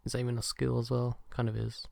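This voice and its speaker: A man's voice: medium pitch, completely flat delivery, fast, creaky, dry recording. A young man answering fan questions in a casual chat, hesitant and self-deprecating, with lots of ums and uhs. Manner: soft-spoken and shy.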